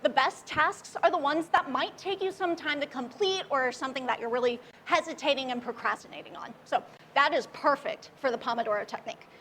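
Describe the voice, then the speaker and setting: A woman's voice: sits high, fairly quick, fairly bright tone, a little hiss or hum. A young woman from Oklahoma giving a casual, upbeat and chatty talk at a tech meetup. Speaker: meetup speaker.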